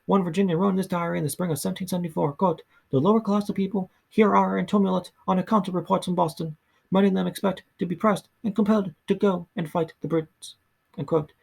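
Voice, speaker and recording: A man reading a history book aloud in a soft ASMR style, slow and halting, often stumbling and restarting words. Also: high voice, steady tone, vocal fry, breathy edge. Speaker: ASMR reader.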